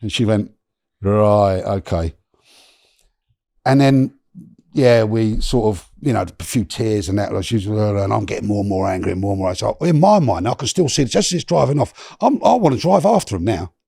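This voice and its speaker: A low, gravelly man tells a story as a podcast guest. His voice is dark and husky, and the sound is dry and close. He is animated and slangy, swears, and restarts often. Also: moderate pace, dry recording.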